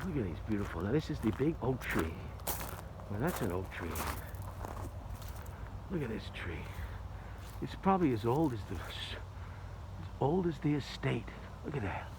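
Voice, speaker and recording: A man's voice: medium pitch, big pitch swings, unhurried, long pauses, background noise. An older retired man rambling and joking as he films a casual walking vlog outdoors. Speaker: vlogger. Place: outdoors in an arboretum.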